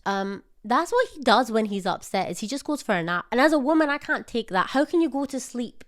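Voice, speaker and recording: A young woman vlogger telling a storytime, animated and dramatic, with playful slang. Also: on the high side, quick pace, hardly any pauses. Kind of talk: storytime vlog.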